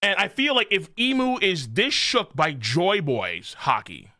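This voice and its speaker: A man streaming a live manga reaction, talking in an animated, profane way with lots of laughing asides. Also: high-pitched, measured pace, dry recording, clean studio sound.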